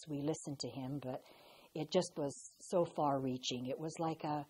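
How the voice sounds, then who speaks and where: An older woman recalling her past in a slow, reflective way, pausing and restarting as she tells her story. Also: low voice, dark tone, a little hiss or hum, poor audio. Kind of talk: personal recollection.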